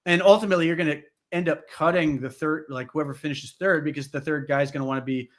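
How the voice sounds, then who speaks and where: A man's voice: a little high, fairly even intonation, fast talker. Chatty male sports podcast host. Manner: chatty, lots of "like" and "you know". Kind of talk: casual sports podcast talk.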